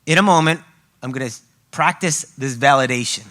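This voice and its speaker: Guy running a parenting workshop for a live crowd, bright voice, emphatic, keeps going "okay? right?". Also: mid-range voice, brisk. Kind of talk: live workshop talk to an audience. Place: room with a live audience.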